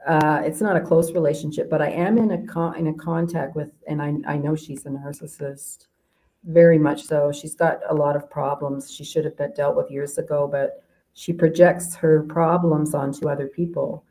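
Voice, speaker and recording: Guest spot: a low-pitched woman coach from Canada, rambling and chatty, full of fillers and restarts. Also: fairly even intonation, moderate pace, dark tone, poor audio. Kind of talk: casual interview chat.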